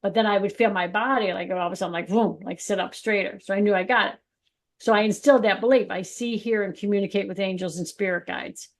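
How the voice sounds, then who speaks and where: Woman co-host telling lively stories. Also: medium pitch, quick pace. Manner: lively storytelling, acting out quoted voices. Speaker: podcast co-host. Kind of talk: casual spiritual chat.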